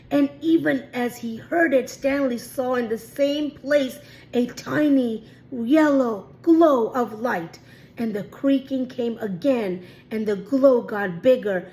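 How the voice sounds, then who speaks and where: Slow read-aloud storyteller woman. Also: on the high side, a little mellow, poor audio. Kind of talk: reading a chapter book aloud.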